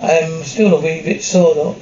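A sunburnt ginger patient, played by a man, grumbles plaintively while trying to keep a brave face. His voice sits high and bright. The recording sounds dull and lo-fi. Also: fairly even intonation, normal speed, echoey room, slight background noise, lightly acted. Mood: wry. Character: sore scorched ginger male patient, stoic.

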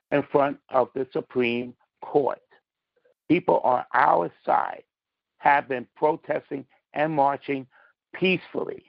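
A man's voice: fairly high pitch, creaky, dry recording, highs cut off. A man calling in to a political podcast, talking in a combative, emphatic way and stressing his words. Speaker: caller. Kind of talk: call-in political commentary.

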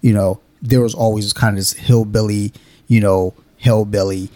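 A man with a lowish voice hosts a casual podcast, rambling along with plenty of "you know"s and cheerful swearing. He sounds close and dry on the mic, with no room around him. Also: fairly even intonation, moderate pace, dark tone, dry recording. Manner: rambling, profane and joking, many fillers. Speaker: podcast host. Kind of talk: casual chat.

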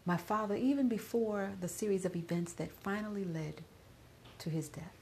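A middle-aged woman podcaster giving a personal spoken reflection while grieving, often dropping to a soft whisper. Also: mid-range voice, normal speed, a little hiss or hum.

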